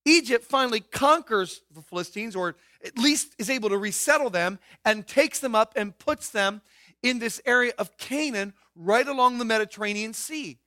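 A man's voice: very high-pitched, moderate pace, bright, forceful tone, dry recording, studio quality. A man preaching a sermon in an emphatic way, asking rhetorical questions and dropping his voice to stress points. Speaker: pastor.

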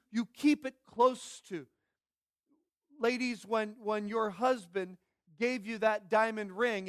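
Man, pastor, sermon, emphatic, repeats key phrases, high voice, dry sound. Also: fairly bright tone, dry recording.

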